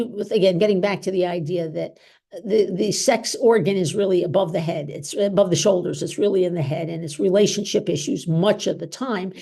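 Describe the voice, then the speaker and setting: A woman physician gives an informal talk and fields questions, chatting freely and sprinkling in lots of "okay?" and "you know." Her voice is medium-pitched with vocal fry and a dark tone.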